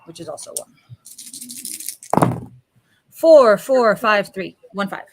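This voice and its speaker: A woman with a mid-pitched voice joins a tabletop game as a player. She talks in a chatty, playful way and laughs often. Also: sing-song, slow, noisy background. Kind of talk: casual chat while playing a tabletop game.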